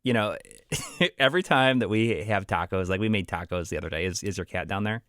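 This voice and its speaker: A man's voice: lowish voice, a little fast, fairly bright tone, no echo, studio quality. A man co-hosting a podcast in casual chat, rambling with restarts and laughing easily. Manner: rambling, many restarts and fillers. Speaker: podcast co-host.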